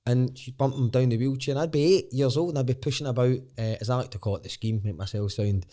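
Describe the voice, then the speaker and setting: A Glaswegian man talks at an ordinary, mid-range pitch, spilling stories as a podcast guest. He rambles, restarts his sentences and swears freely. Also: fairly even intonation, fast, warm tone. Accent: Scottish, Glaswegian. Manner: rambling, self-interrupting, swears casually. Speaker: guest, stand-up comedian. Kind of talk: candid podcast storytelling.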